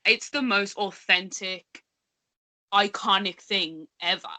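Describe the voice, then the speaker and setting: A young woman co-hosting a podcast who talks fast and gushes in excited casual chat, with lots of "like". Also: mid-range voice. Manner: gushing, fast, says "like" often. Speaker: podcast co-host.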